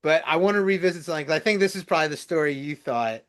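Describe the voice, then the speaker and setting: A man co-hosting a podcast, telling a family story with frequent laughter and halting restarts. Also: on the high side, fairly bright tone. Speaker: podcast co-host, son. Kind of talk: casual storytelling chat.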